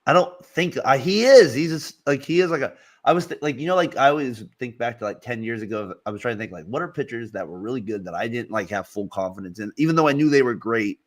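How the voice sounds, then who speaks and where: A man co-hosting a casual sports chat, rambling and halting with many fillers. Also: mid-range voice. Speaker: co-host.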